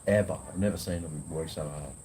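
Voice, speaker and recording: A man's voice: extremely low pitch, brisk, noisy background. An Australian man, a food vlogger, chatting casually and rambling in a laid-back way on a home veranda. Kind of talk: casual live chat.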